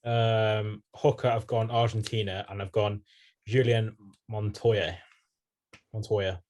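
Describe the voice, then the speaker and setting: A young man co-hosting a podcast, dry and brisk, keeping the chat moving with short deadpan replies. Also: on the low side. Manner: dry, brisk, moves things along. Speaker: podcast co-host. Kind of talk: casual banter.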